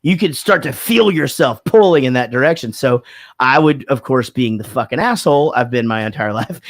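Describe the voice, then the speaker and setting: A man's voice: medium pitch, lively intonation, moderate pace, fairly bright tone, no echo, clean studio sound. A man from Texas talking casually as a podcast host, candid and profane, rambling with many restarts. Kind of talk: casual chat.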